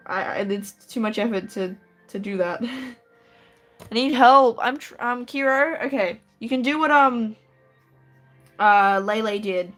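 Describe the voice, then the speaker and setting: An Australian woman with a mid-range, slightly bright voice chats casually with her viewers while drawing on a live stream from her room. She laughs lightly as she answers them.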